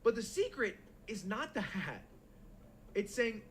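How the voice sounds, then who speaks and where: Lively, expressive man telling stories. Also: sits high, slow pace, a little hiss or hum. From United States. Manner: animated, profane storyteller. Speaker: stream co-host. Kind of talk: casual storytelling chat.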